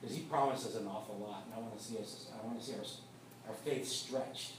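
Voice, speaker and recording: A man's voice: lowish voice, steady tone, moderate pace, noisy background. Pastor guy giving a chatty sermon, big echoey hall, mic kinda far off. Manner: conversational, repeats words when starting a thought.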